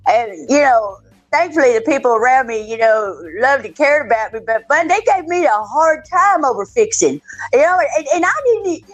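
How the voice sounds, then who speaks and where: A woman with a Texan Southern accent, chatting casually as a podcast guest, salty and quick to laugh. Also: high voice, expressive, faint music behind, rough recording. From Texas. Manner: salty, laughing, loose storyteller. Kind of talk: casual chat.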